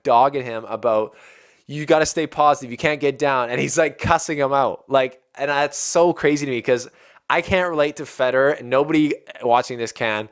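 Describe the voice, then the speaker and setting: A man talks through tennis highlights in a loose, chatty way. He gets excited and often laughs. His voice is smooth and clear, at a middle pitch. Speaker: tennis video host. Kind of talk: casual recap commentary.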